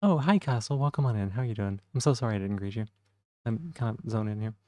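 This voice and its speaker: Man, streamer, soft-spoken, warm mellow tone, dry close sound, rambling casual chat. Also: fairly low pitch, animated, fast talker, no room sound.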